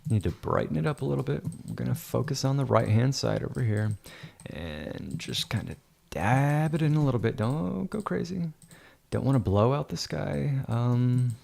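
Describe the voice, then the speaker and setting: A man's voice: mid-range voice, animated, moderate pace, vocal fry, darkish tone. A man giving livestream commentary while editing photos, muttering to himself and breaking into sarcastic teasing rants. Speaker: photo editor streaming live.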